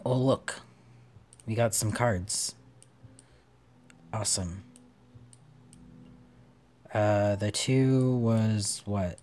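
A man's voice: on the low side, fairly even intonation, drawn-out words, long pauses, a little mellow, slight background noise. A man giving playful let's play commentary on a puzzle game, swearing casually and chatting to the characters on screen. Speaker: gamer playing a puzzle game.

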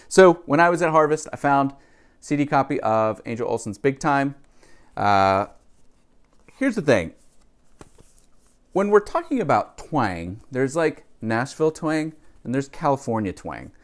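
A man's voice: medium pitch, very animated, measured pace, long pauses. A man chatting casually to camera about music he bought, rambling with asides and fillers. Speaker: vlogger, record collector. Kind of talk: casual music haul vlog.

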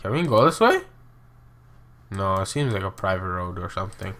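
A man's voice: low voice, very animated, moderate pace, a bit bright. A young man giving casual, chatty commentary on a geography guessing game, exclaiming and mocking himself as he goes. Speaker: gaming video host.

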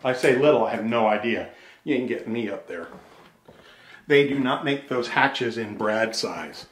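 A middle-aged real estate agent, slightly out of breath, gives a rambling, joking walkthrough of a large empty house, talking casually to the camera. His medium-pitched voice is expressive and fairly bright at a moderate pace. The empty rooms echo, and there's a little hiss or hum.

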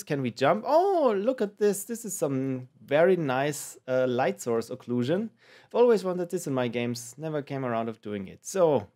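A man's voice: medium pitch, darkish tone. Guy doing game commentary, cracking jokes, voice going all over the place. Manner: playful, joking, thinking aloud. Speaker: let's play host.

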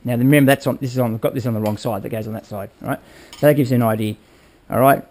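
A chatty motorbike build vlogger explains his project in casual workshop how-to style, rambling, hands-on, and asking viewers "all right?" His medium-pitched voice is steady in tone and a little mellow, and he talks rapid-fire.

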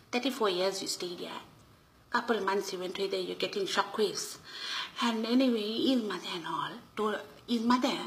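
A woman with a Durban South African Indian English accent, telling a comic monologue as a nosy auntie. Her voice is bright and forward, full of gossipy indignation in broken English. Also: mid-range voice, normal speed, a little hiss or hum, rough recording. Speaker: comedic storyteller.

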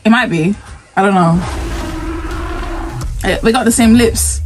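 A woman with a husky voice, talking casually in a gaming reaction vlog and breaking into excited exclamations before rambling on. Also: mid-range voice, unhurried, noisy background. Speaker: gaming YouTuber.

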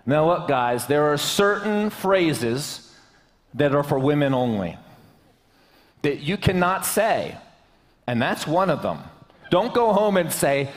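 A man's voice: a little high, sing-song, slow pace, in a large hall. A man preaching a sermon to his church, in a joking, conversational way. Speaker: pastor. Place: church sanctuary.

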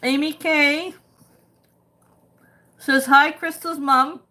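Woman, cooking livestream host; high voice, unhurried, chatty, laughs often while reading comments. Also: steady tone, sharp tone. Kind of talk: casual livestream chat reading viewer comments.

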